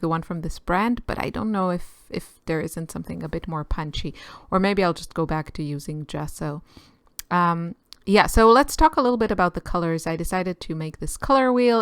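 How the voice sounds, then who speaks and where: A woman's voice: lowish voice, fairly bright tone, smooth, dry recording, studio quality. A woman host giving a casual voice-over narration, chatty and musing as she thinks aloud with small asides. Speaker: artist and channel host. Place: quiet room, recorded apart from the filmed footage.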